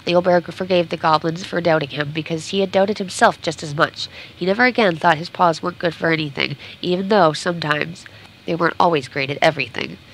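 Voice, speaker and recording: A woman's voice: lowish voice, a little fast, fairly bright tone, a little hiss or hum, rough recording. Woman reading a storybook aloud. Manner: stumbles and corrects herself mid-sentence. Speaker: game streamer. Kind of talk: reading a storybook aloud during a game playthrough.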